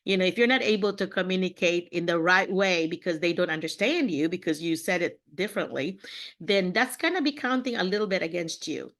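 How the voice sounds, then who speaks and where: Encouraging woman mentor, low-ish voice. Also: fairly quick, a bit bright. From Philippines. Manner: encouraging, repeats "okay?" and "you know". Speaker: teacher mentor. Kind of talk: coaching on a video call. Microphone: video call.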